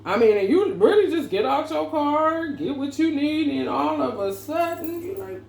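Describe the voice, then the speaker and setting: A woman's voice: sits high, expressive, normal speed, creaky, a little mellow. A woman who is a parent, giving a casual, profane tarot reading with lots of slang and laughter. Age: adult parent. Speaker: tarot reader. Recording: echoey room with faint background noise.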